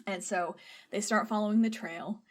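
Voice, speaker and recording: A woman's voice: mid-range voice, steady tone, moderate pace. Casual, profane woman retelling a film. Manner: profane, chatty, digressive storytelling. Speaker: podcast co-host.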